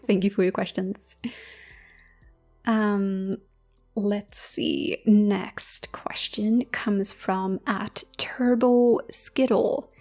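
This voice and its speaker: A young woman answering questions in a soft-spoken ASMR Q&A, close to the mic, slipping into whispers. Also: medium pitch. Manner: slow, intimate, drifting into whispers with soft laughs. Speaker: ASMR creator.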